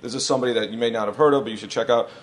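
Racing along in a mid-range voice, a male podcast host spins rambling, loose stories in casual chat. He's animated and acts out the quotes of those he talks about.

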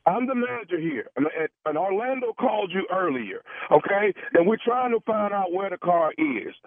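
A man's voice: high voice, sing-song, normal speed, no room sound. Stammering man on a tinny phone line. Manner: stammering, stalling, pleading. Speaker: radio prank caller. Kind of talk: prank phone call.

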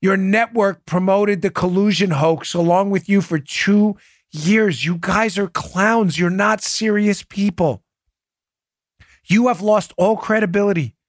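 A man's voice: sits high, measured pace, no room sound, clean studio sound. A male podcast host giving mocking political commentary, reacting to clips with sarcasm and laughter.

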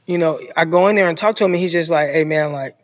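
A man's voice: high-pitched, very fast, long reverb tail. A man in his thirties from California, telling his own football story in casual podcast talk and acting out the people in it. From Stockton, California. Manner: animated storyteller who acts out coaches' voices. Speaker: podcast guest, former football player.

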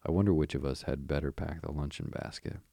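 Man reading a cheery water rat, gravelly and deep. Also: steady tone, fast, mellow, dry recording, studio quality, full character voice. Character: sociable male water rat, easygoing.

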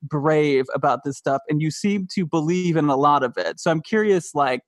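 A woman hosting a podcast, chatting casually, laughing easily and tossing in quick asides. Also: deep voice, dry recording, clean studio sound. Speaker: podcast host. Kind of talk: casual chat.

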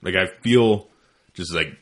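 A man's voice: deep voice, a little slow. A man talking bluntly and profanely in a casual podcast chat, self-deprecating and candid. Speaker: podcast host.

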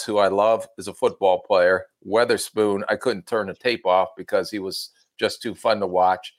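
A man's voice: on the low side, fairly bright tone. A middle-aged man, a former team executive, talking football and telling folksy stories with self-mocking laughs. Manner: folksy storyteller, laughs at himself. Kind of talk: casual sports talk.

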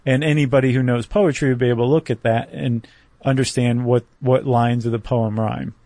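A man's voice: mid-range voice, fairly even intonation, brisk, warm tone, no echo. A man co-hosting a podcast, explaining step by step in a casual, joking way with frequent restarts. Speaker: podcast co-host. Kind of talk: casual educational chat.

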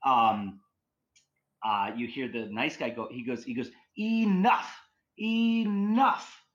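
A man's voice: mid-range voice, fairly even intonation, a little slow, a bit bright, muffled recording. A man telling ghost stories as a podcast guest, rambling with many likes and restarts. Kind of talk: casual storytelling.

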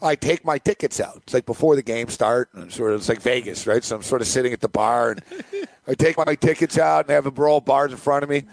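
Gravelly middle-aged man telling stories. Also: medium pitch, fast talker, no echo. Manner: rambling, animated anecdote with quoted dialogue. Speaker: podcast host. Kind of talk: casual storytelling.

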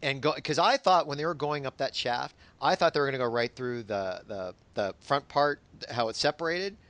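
A man's voice: medium pitch, expressive, normal speed, fairly bright tone. Enthusiastic man in podcast chat. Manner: enthusiastic, repeats himself. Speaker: podcast co-host.

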